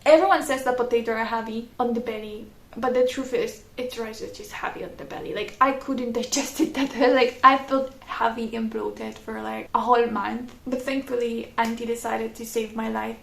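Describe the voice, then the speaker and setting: Brief: young woman vlogger, high gravelly voice, chatty storyteller, echoey room. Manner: chatty, laughing often, frequent "like" fillers. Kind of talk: casual storytelling.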